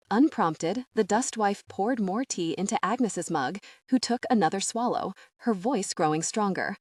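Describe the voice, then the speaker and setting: A woman narrating a dark fantasy audiobook in a calm, even storytelling manner. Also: medium pitch, moderate pace, few pauses, no echo, clean studio sound. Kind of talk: scripted narration.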